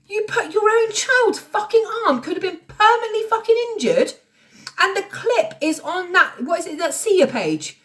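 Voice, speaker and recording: On a TikTok Live from home, a late-thirties woman delivers a heated, sweary, sarcastic rant with a confrontational edge. She speaks at a moderate pace in a very high, fairly bright voice that swings widely in pitch.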